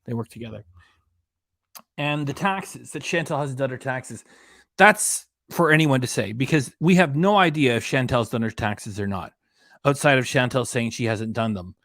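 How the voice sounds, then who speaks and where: A man from Ontario, Canada, hosts a live-stream reaction show. He gives opinionated, gossipy commentary full of rambling asides, in a voice of ordinary pitch. The sound is dry and close. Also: normal speed, fairly bright tone, dry recording. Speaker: reaction channel host.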